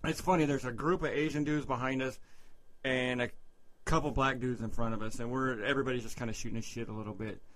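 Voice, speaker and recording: A man co-hosting a podcast, telling a story in casual chat, profane and animated, loudly acting out quotes. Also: medium pitch, fast talker. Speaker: podcast co-host.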